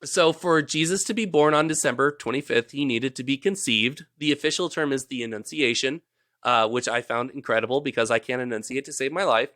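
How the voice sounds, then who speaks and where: A man's voice: medium pitch, brisk, fairly bright tone, dry recording, clean studio sound. A man hosting a casual podcast, explaining history in a rambling, jokey, self-correcting way. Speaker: podcast host presenting research.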